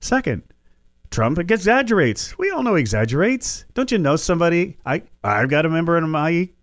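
A man hosting a political talk show, giving animated, opinionated commentary and mocking his opponents. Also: a little high, moderate pace, no echo, studio quality.

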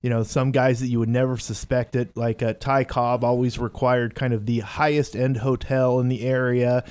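A man's voice: medium pitch, level tone, moderate pace, a little mellow, clean tone. A man co-hosting a casual sports talk, thinking aloud about unlikely careers. He musing-style repeats himself and restarts his sentences easily. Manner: musing, repeats "I just sit here and go".

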